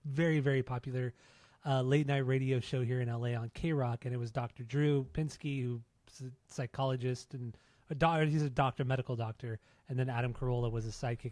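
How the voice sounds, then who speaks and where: A man's voice: mid-range voice, a little mellow, no echo. Laid-back man, profane, dry close mic. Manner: loose, profane storytelling with frequent laughs. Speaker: podcast co-host. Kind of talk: casual chat.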